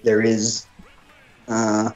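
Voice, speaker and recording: A man's voice: fairly low pitch, completely flat delivery, very slow, over a noisy crowd, low-quality recording. Rambling young man telling a story. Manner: rambling storyteller, leans on "freaking". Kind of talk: casual chat.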